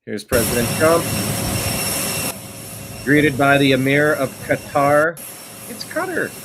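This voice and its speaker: A man's voice: medium pitch, steady tone, slow pace, background noise. Wry man hosting news commentary. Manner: wry, offhand, mocking asides. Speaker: political commentary show host.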